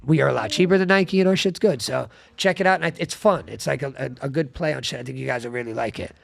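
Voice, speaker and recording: Gravelly-voiced man telling stories. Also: medium pitch, fast. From South Florida. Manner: animated storytelling, swears freely. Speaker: podcast host. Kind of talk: casual podcast chat.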